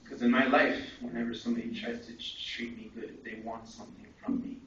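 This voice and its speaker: A man's voice: medium pitch, quick pace, hardly any pauses. Young male speaker, candid storyteller; dull muffled recording with a faint hiss. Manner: candid, animated storytelling with asides to the crowd. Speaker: conference speaker. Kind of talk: personal story told to an audience. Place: conference hall. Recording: echoey hall from far off, dull and faintly noisy.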